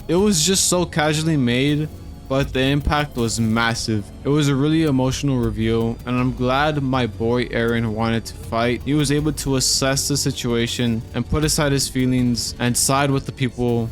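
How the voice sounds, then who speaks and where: A man hosting an anime reaction video in casual commentary, excitable and swearing freely. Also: medium pitch, moderate pace, soft background music. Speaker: YouTube anime reaction host.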